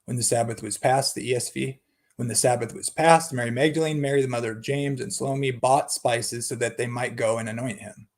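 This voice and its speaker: A man's voice: medium pitch, steady tone, a little fast. A man giving an unscripted Bible study talk, thinking aloud with many restarts and asides.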